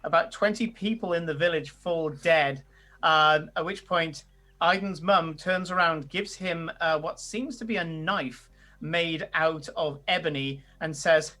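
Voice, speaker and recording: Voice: mid-range voice, unhurried, sharp tone. A game master narrating a tabletop game, with frequent fillers and laughter.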